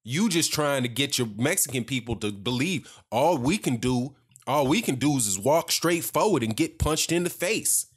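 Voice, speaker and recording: A man's voice: medium pitch, expressive, moderate pace, breathy edge. A man giving heated, sarcastic opinion commentary on boxing, repeating his points for emphasis.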